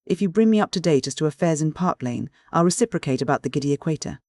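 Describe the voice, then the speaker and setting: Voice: mid-range voice, expressive, fast talker, a little mellow, no echo, studio quality, close to an everyday voice. An audiobook narrator voicing a courteous, self-possessed young nobleman who is politely evasive.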